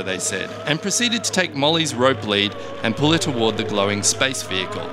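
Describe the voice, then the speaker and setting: A man reading a comic first-person story in a dry, deadpan way. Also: on the low side, normal speed, hardly any pauses. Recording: background music.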